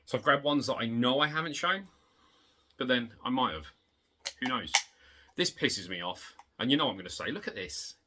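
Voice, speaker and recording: A man showing off his retro game collection in a casual, rambling way, excitable and swearing, getting worked up in rants, hot and sweaty. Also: normal speed, pauses often, background noise. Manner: excitable, swearing, rants with big pitch jumps. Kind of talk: casual rambling show-and-tell.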